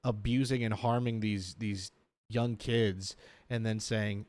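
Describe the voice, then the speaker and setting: A man hosting a reaction video, with blunt, animated commentary that runs off into quick tangents. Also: lowish voice, no room sound.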